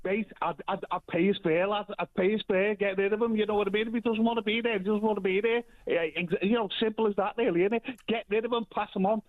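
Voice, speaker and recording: A man's voice: high voice, steady tone, fast, few pauses. A man from Liverpool with a Scouse accent, calling in to a radio show and rambling along with fillers and stock sayings. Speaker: caller. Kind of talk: jokey phone-in banter. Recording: tinny phone line.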